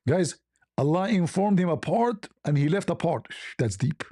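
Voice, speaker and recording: High-voiced sarcastic man, non-native English. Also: expressive, mellow, no room sound, studio quality. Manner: sarcastic, incredulous, halting with many fillers. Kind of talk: mocking commentary.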